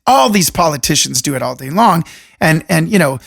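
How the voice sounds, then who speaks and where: Guy doing his solo podcast into a mic, gravelly radio voice, swings up and down a lot. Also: fairly high pitch. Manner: animated, jokey, rambling asides; deliberate radio voice. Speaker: podcast host. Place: room alone. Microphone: studio microphone.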